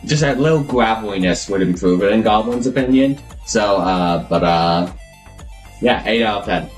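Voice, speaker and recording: A man's voice: on the low side, moderate pace, soft background music. A man live streaming, chatting casually and rambling as he thinks aloud, always calling himself Goblin in the third person.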